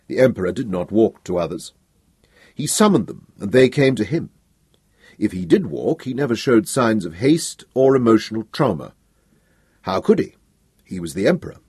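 A man narrating an audiobook with an expressive, dramatic reading. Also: on the low side, slightly rough, no echo, clean studio sound.

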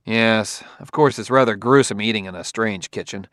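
A man's voice: on the low side, normal speed, fairly bright tone, no room sound, studio quality, lightly acted. A man reading the part of an uneasy male detective, plain and a little wry, in an audiobook. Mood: reflective.

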